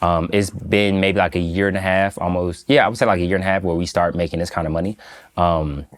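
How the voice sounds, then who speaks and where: A man from Detroit, a food critic talking as a guest, speaking slowly in a calm, relaxed, fairly monotone way. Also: sits low. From Detroit, USA. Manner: slow, calm, monotone delivery; relaxed, laughs easily. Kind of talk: casual interview chat.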